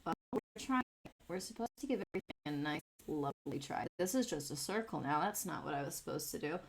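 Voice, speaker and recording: Her voice low and creaky, this art streamer in her late twenties talks fast and with animation while drawing live. The chat is loose and rambling, with plenty of swearing.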